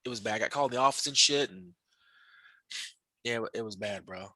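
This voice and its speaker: A man's voice: on the low side, fast talker, pushed and bright, no room sound. A man hosting a podcast, telling rambling, profane stories in casual chat, with frequent restarts and fillers. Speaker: podcast host interviewing a guest.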